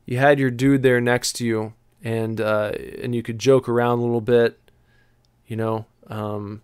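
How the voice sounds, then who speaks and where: A man casually telling a long personal story on a podcast, halting and searching for words, with a wry, laid-back manner. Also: mid-range voice, level tone, smooth, dry recording, clean studio sound.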